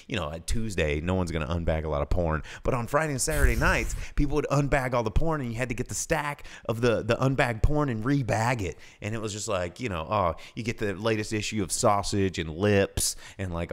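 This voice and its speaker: A man hosting a live show, telling a work story in casual chat and mimicking customers in a high voice. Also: fairly quick, hardly any pauses. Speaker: podcast host.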